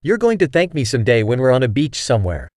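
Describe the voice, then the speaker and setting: A man's voice: big pitch swings, fast talker, dry recording, studio quality, lightly acted. A man voicing a scheming, defensive younger brother. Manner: higher, louder put-on voice for quoted dialogue.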